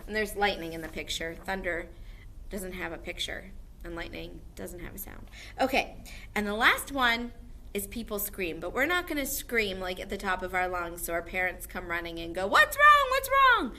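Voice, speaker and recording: A woman music teacher leading an online music lesson for young children, with an animated sing-song manner. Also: on the low side, normal speed, slight background noise. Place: indoor classroom.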